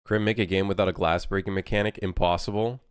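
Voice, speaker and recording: A young native French-speaking man rambles and jokes with his live-stream chat as he works on a game level. His voice sits low and deep. The sound is dry and close, with no room around it. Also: steady tone, fast talker, smooth, no room sound. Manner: rambling, joking, answers chat while working.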